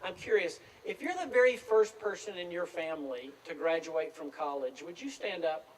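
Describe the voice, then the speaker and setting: Man, about 60, relaxed self-deprecating commencement speaker; fairly high voice, recorded from afar outdoors. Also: normal speed. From Tennessee, USA. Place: outdoor field at a graduation ceremony. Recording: distant speech with faint outdoor ambience.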